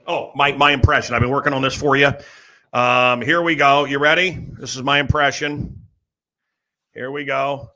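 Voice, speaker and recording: A man's voice: mid-range voice, flat delivery, moderate pace, bright, forceful tone. A middle-aged American man hosting a show, rambling through a comic monologue and teasing his producer. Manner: joking, teasing the producer, building up a bit. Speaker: radio host.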